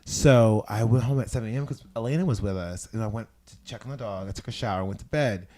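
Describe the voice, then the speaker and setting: A young man hosting a talk show, telling a story in a campy, animated, profane way. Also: fairly low pitch, fast talker. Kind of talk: casual storytelling chat.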